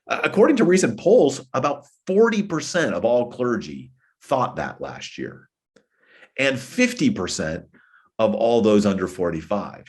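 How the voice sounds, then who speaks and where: Man, sermon-style talk, very lively pitch, storytelling, acts out quoted voices. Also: normal speed. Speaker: guest speaker at a church meeting.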